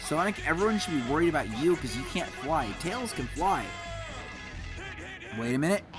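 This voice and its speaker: A man's voice: on the high side, lively intonation, moderate pace. A man in his twenties doing rambling, profane let's play commentary over a game. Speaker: gameplay commentator. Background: game music.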